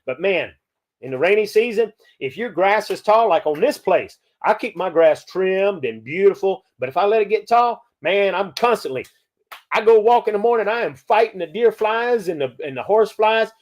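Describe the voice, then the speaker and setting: A folksy man, hosting a live chat and answering viewer questions, often tagging his points with "okay?". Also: sits high. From Louisiana. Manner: folksy, peppers talk with "okay?". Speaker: podcast host.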